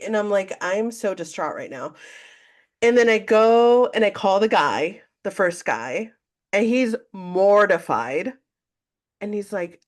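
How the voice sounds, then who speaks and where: Woman telling a candid story. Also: medium pitch. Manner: candid, animated storytelling, acts out quotes. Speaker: podcast co-host. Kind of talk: casual storytelling chat.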